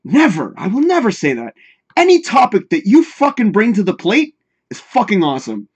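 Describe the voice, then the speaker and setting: A man's voice: high voice, huge pitch swings, moderate pace, husky. A man hosting a live talk show in casual, rambling chat, swearing freely and talking straight to his viewers.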